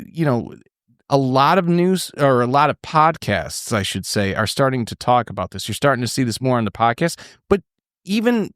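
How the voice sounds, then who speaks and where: A man's voice: a little high, no echo. Male podcast host, swears a lot, rambles through restarts; dry close mic. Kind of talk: casual political chat.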